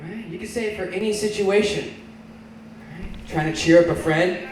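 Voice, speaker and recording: A stand-up comic from Oklahoma works a small bar lounge stage, loosely bantering with the crowd in a high-pitched voice at normal speed, pausing often. The bar room is echoey and the audience can be heard.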